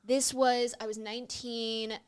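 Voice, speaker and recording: A woman's voice: fairly high pitch, level tone, a little slow, clean tone, no room sound, clean studio sound. A woman in her thirties, a comedian guest in an interview, telling her story animatedly and acting out phone calls in quoted voices.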